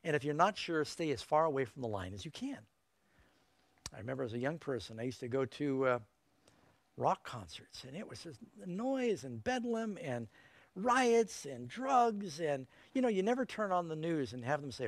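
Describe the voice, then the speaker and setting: A man's voice: mid-range voice, big pitch swings, normal speed, no room sound. A middle-aged male preacher giving an evangelistic sermon in a folksy, emphatic way, with joking asides.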